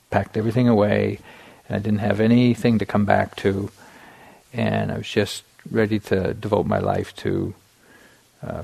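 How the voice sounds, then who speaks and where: A man in his middle years gives a meditation dharma talk, recounting his own practice in a loose, unhurried way. His voice sits low and carries a gravelly, slightly husky grain. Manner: relaxed storytelling with many restarts and fillers. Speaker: meditation teacher.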